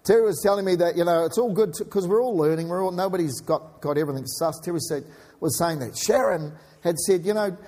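Aussie pastor guy preaching, high-ish voice, chatty and jokey, big echoey church hall. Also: quick pace, mellow. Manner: chatty, jokes with the congregation between readings. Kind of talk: sermon. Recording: long hall reverb.

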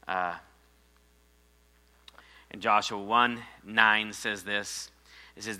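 Male pastor, very bright tone, loud bursts then quiet, asks for amens. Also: fairly low pitch, fairly even intonation, moderate pace, long pauses. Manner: preaching with sudden loud rises and drops, calls for amens. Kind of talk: sermon.

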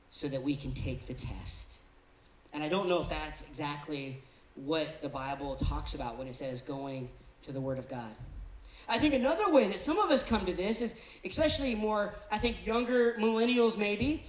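A pastor delivers a sermon in a conversational way, now and then acting out the people being described. The voice sits at a middle pitch. It carries the roomy echo of a church hall. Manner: conversational, acts out quoted people in different voices. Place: church auditorium.

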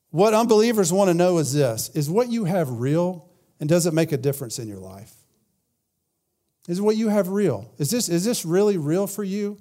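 A man's voice: high voice, lively intonation, moderate pace, warm tone. A man preaching a sermon in a conversational way, often repeating words and saying "man". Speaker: pastor.

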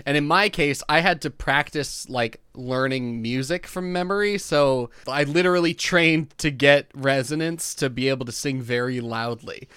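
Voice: mid-range voice, moderate pace, few pauses, a bit bright, clear, resonant tone, no echo, clean studio sound. A podcast co-host in their thirties in casual chat, wry and laughing, swearing casually.

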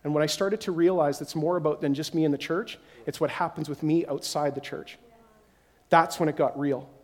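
A male pastor preaches a sermon, telling stories animatedly and acting out the voices of the people in them. His pitch is fairly high and his pace fairly quick.

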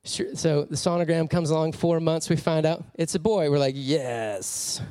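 A man preaching a sermon as a personal story, animated and laughing often as he tells it. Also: on the high side, fairly quick, smooth, dry recording, clean studio sound.

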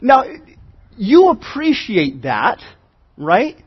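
A man's voice: high voice, wildly swooping pitch, drawn-out words, husky, no room sound, dull audio. A man preaching a sermon as pastor, earnest and conversational, often restarting his phrases.

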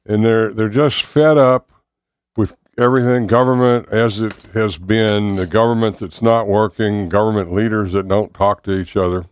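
A man with a Southern US accent answering interview questions as a political candidate, measured and pausing with fillers. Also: fairly low pitch, steady tone, clear, resonant tone, dry recording, studio quality.

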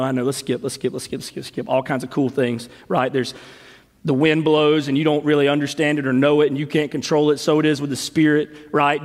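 A man preaching a sermon as pastor, worked up and shouting at times, then dropping to a quiet, earnest tone. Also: a little high, in a large hall. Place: church sanctuary.

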